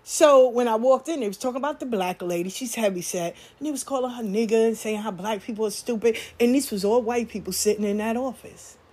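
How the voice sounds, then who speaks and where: Woman, high voice, blunt and profane, animated storytelling. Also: fairly quick, hardly any pauses, breathy edge. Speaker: spiritual practitioner. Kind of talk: candid storytelling monologue.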